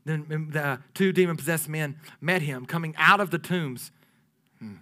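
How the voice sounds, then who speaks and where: A man preaching a sermon, lively and playful, swinging from loud declarations down to hushed near-whispers. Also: fairly high pitch, slightly rough. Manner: playful asides with laughter to the congregation.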